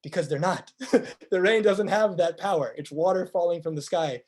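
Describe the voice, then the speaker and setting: A man's voice: sits high, normal speed. A man giving a motivational presentation, speaking earnestly and piling up rhetorical questions. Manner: earnest, acts out quoted speakers in lively voices.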